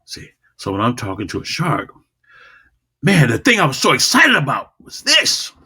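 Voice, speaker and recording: A man teaching a public speaking lesson, emphatic and repetitive, swinging between loud and soft delivery. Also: medium pitch, huge pitch swings, moderate pace, husky. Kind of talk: coaching lesson to a class.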